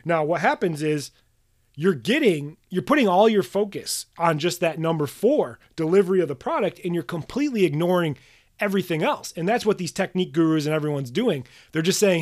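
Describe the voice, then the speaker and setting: A man with a slightly high voice delivers a solo podcast monologue. He is blunt and punchy, swears without a second thought and hammers points home by repeating them. He speaks like a coach pushing practitioners to do better. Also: animated, a little fast. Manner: emphatic, drills points with repetition. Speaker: podcast host coaching manual therapy practitioners.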